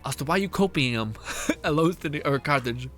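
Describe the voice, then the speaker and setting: Man, tired streamer, casual chat, reads messages aloud, laughs and swears, higher voice, faint background music. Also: lively intonation, moderate pace, fairly bright tone. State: tired, mentally drained.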